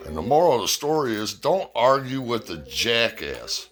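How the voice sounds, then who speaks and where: A man's voice: mid-range voice, big pitch swings, moderate pace, few pauses, fairly bright tone, faint music behind. A man from the United States giving a blunt, profane opinion rant and telling a fable.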